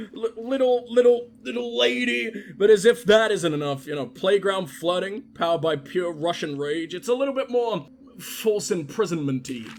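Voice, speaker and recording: A man's voice: sits high, slight background noise. A man giving crude, sarcastic and profane commentary while playing a video game, often talking back to the characters on screen. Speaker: gaming video host. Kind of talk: let's-play commentary.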